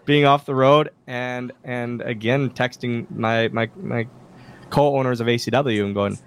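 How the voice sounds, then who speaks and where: A man guesting on a podcast, telling animated stories and acting out quoted lines in casual conversation. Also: mid-range voice, moderate pace, smooth. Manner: animated anecdotes with acted-out quotes. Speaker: podcast guest, wrestler and wrestling school owner. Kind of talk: casual interview storytelling.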